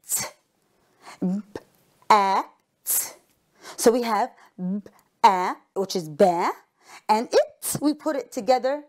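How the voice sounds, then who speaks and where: A woman's voice: mid-range voice, a little mellow. A woman teacher with an Arabic accent giving a phonics lesson to children, sounding out letters one by one and praising often. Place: recorded for a broadcast school lesson.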